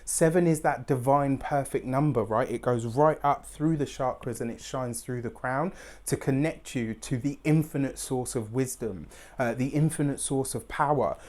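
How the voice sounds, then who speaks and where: A man's voice: mid-range voice, a little mellow. Effusive man reading tarot cards. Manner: effusive, often tags lines with "right?"; emotionally open, near tears at times. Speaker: tarot reader. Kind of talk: weekly tarot reading to camera.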